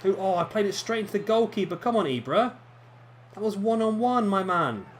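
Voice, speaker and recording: A man's voice: sits high, expressive, a little fast, slight background noise. Chatty man commentating his game. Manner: chatty, self-deprecating, reacting aloud to play. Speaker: gaming commentator. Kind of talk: casual let's-play commentary.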